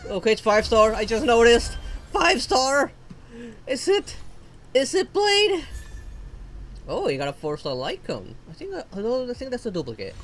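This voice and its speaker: A woman's voice: fairly high pitch, sing-song, moderate pace, slight background noise. A woman from Argentina, streaming a gacha game and ranting in frustration with lots of swearing.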